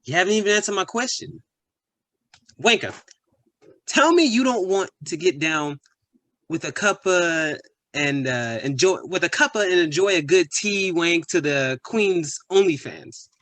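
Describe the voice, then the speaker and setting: A man's voice: high voice, lively intonation, unhurried, a bit bright, no room sound. A man playing a crude, pushy young British bloke with a British accent who is boastful and full of slang. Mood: leering. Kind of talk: comedy sketch acting.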